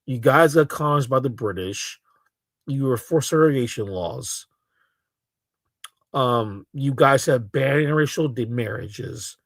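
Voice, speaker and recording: A man giving casual, halting reaction commentary on a clip, scoffing and repeating himself. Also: mid-range voice, animated, vocal fry, no echo. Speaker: reaction streamer.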